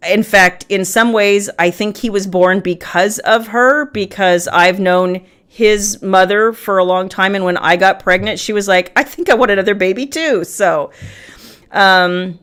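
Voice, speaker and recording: A middle-aged woman hosting a casual livestream from her family room, chatting warmly with viewers and greeting them by name between frequent ums. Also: mid-range voice, fairly even intonation, unhurried, clean tone. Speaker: livestream host.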